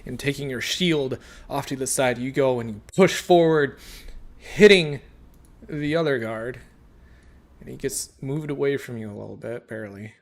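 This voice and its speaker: A man narrating as dungeon master, lively and quick to laugh. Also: mid-range voice. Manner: laughing often, animated narration. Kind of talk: narrating a tabletop game.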